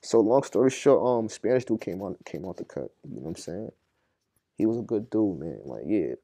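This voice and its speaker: Young man, rapid storyteller, low mellow voice, dry close sound. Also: vocal fry, breathy edge, no room sound. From Boston. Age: young adult. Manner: animated, acts out prison dialogue, street slang. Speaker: podcast guest. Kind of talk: casual storytelling.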